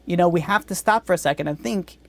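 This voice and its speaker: A man's voice: high-pitched, fast, creaky. A man speaking as a rabbi at an evening Torah class. He is blunt and earnest, and he often breaks off and restarts his sentences.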